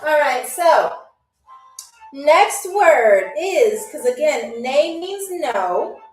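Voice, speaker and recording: An upbeat woman with a high voice hosts a live-streamed trivia game, chatting with her viewers and drawing out each word she teaches. She sounds a little distant from the mic in a roomy space. Faint music plays underneath. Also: sing-song, extremely slow. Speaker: livestream game show host.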